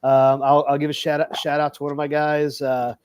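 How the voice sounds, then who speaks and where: A man's voice: on the high side, monotone, brisk, darkish tone, slight background noise. A man hosting a casual sports podcast, rambling with lots of fillers and giggles. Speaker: podcast host and coach. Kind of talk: casual chat.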